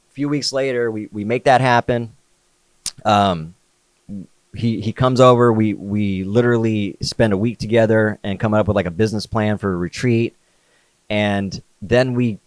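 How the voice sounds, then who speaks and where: A man with a fairly low pitch, recorded without echo, shares a story as a podcast guest. His manner is casual and full of slang, peppered with "like" and "dude."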